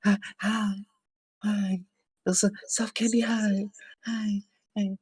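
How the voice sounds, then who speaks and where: A man's voice: high voice, flat delivery, slow, a little mellow, husky, no room sound, studio quality, voice pushed up, exaggerated voice. A man mimicking a petulant, defensive woman in a stammering, mock-sweet voice.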